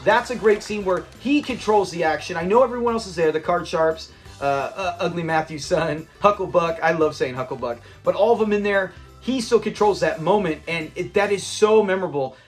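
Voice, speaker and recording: His voice sits high and he speaks briskly as soft music plays behind him. Hosting his own channel, he rambles happily about a classic sitcom, quoting lines and restarting his thoughts often.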